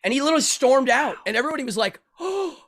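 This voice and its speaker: A man guesting as a magician and ventriloquist, telling stories in an animated way and laughing often. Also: very high voice, rapid-fire. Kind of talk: casual interview chat.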